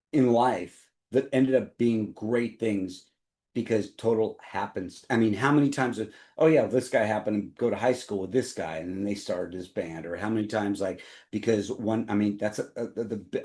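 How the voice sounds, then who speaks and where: Middle-aged guy, lowish voice, thinking out loud, kinda rambly. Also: moderate pace. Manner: reflective, rambling, restarts thoughts. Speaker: guest. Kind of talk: casual conversation.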